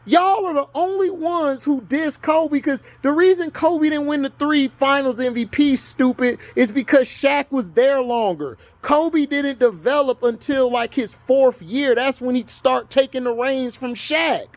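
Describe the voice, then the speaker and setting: A man's voice: extremely high pitch, a little slow, few pauses, dry recording. A man from Florida in the US, ranting heatedly about sports to his viewers, argumentative and scolding. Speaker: vlogger. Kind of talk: sports rant to camera.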